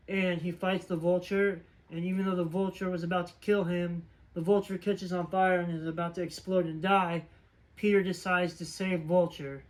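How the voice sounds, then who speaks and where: High-voiced man rambling through a plot recap. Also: rough recording. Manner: rambling, filler-heavy retelling. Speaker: movie reviewer. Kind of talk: casual movie plot recap.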